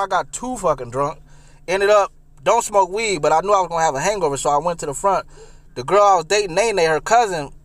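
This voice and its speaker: A young man telling a funny personal story, profane and animated, often repeating himself. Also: sits high.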